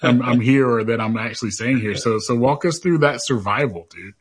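A man's voice: mid-range voice, fairly quick, slightly rough. A man hosting an interview, encouraging his guest in a casual, friendly way. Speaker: host. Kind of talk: interview questions.

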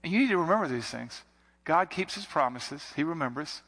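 A man's voice: on the high side, animated, a little fast, a bit bright. A man preaching a sermon in an earnest, conversational way, circling back to repeated phrases. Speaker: pastor. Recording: long hall reverb.

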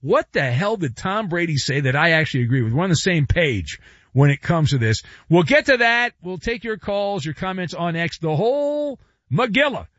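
A sports radio host riffing sarcastically, his fairly high voice swooping up and down with mock drama. The sound is dry and a bit dull, close on a studio mic. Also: big pitch swings, moderate pace, fairly bright tone, dry recording. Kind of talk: casual sports talk radio monologue.

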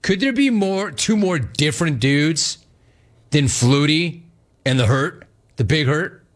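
A man's voice: a little high, animated, slow pace. A man hosting a sports call-in show, riffing energetically and talking in slangy, casual terms. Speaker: radio talk host. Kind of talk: sports talk radio.

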